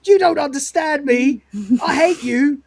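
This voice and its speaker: Woman doing a bratty young guy sulking like a teen, whiny and high, yelling a bit. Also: unhurried. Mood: sulky rant. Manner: whiny, ranting. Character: sulky, angry young man like a teenager.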